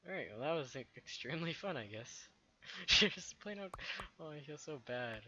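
A young man giving jokey live game commentary with loud outbursts, recorded at a home gaming setup. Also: mid-range voice, animated, moderate pace, highs cut off, a little hiss or hum. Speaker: gaming YouTuber.

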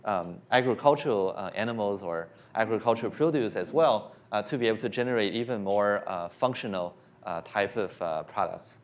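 A man's voice: on the low side, brisk, few pauses, highs cut off. A man giving a science lecture and answering questions, hesitant with frequent fillers and restarts. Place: lecture hall.

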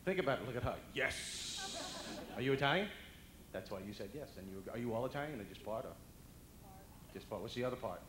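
A man with a Brooklyn accent doing live stand-up comedy, brash and chatty, talking straight to the audience. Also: lowish voice. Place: banquet hall at a dinner event. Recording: echoey banquet hall with faint room noise.

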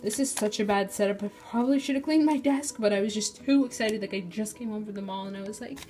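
A woman's voice: mid-range voice, fast talker, warm tone. A woman vlogging casually to camera, gushing and rambling with lots of "like" and "so". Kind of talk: casual unboxing vlog.

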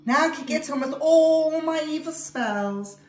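A woman's voice: high-pitched, expressive, unhurried, pitched above the performer's own voice. A woman playing a cackling evil witch. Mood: gloating. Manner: cackling, gleeful. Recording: echoey room.

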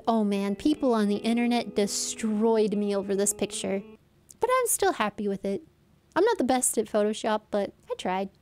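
Young woman rambling and giggling thru a vlog, high soft voice, faint music behind. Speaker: streamer. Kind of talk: casual vlog chat.

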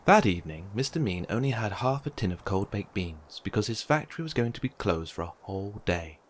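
A man reading a children's picture book aloud with gentle, expressive storytelling. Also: on the low side, brisk, slight background noise. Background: faint background music.

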